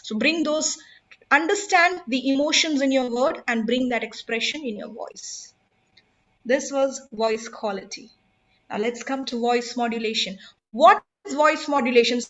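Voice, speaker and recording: Woman, public speaking trainer, emphatic, high-pitched, dull lo-fi audio. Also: moderate pace, fairly bright tone. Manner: emphatic, instructive, asks the audience questions. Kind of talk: online workshop talk.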